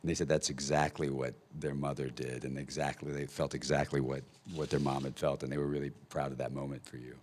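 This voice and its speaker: A man directing a film, answering press questions in a relaxed, wry, understated way at a table microphone. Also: extremely low pitch, a little fast, few pauses, a little hiss or hum. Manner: wry, dry understatement with small laughs. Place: press conference hall.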